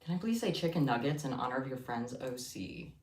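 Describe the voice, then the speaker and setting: Low-voiced woman rambling on livestream. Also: lively intonation, a little fast. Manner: rambling, scattered, jokey. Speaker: livestream host. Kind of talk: casual livestream chat. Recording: echoey room, distant mic, faint noise.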